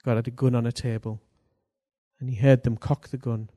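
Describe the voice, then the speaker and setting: Husky-voiced man preaching with dramatic swings. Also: mid-range voice, flat delivery. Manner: dynamic delivery, swings from hushed to loud bursts, slows for emphasis. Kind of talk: sermon.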